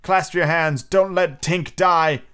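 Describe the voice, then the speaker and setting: A man voicing a bold, cocky boy hero who speaks eagerly and shouts, in a storybook reading. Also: medium pitch, lively intonation, fairly quick, natural voice. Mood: excited.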